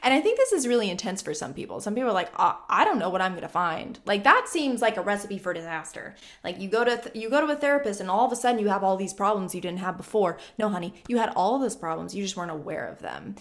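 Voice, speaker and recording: A woman's voice: mid-range voice, very animated, fast talker, hardly any pauses. Blunt, emphatic woman in her twenties. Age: 20s. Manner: emphatic and blunt, repeats lines for stress. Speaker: vlogger. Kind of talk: casual self-help talk to camera.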